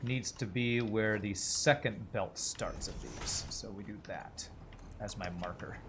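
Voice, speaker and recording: A man's voice: fairly low pitch, a little slow, noisy background. Man thinking aloud while streaming a game. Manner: thinks aloud, mutters sums, chats with viewers. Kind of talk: casual livestream gameplay commentary.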